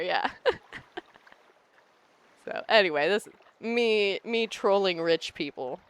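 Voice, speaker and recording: A woman chats casually on a game live stream. She rambles from point to point and laughs often, her voice sitting at an ordinary middle pitch. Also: expressive, a little slow.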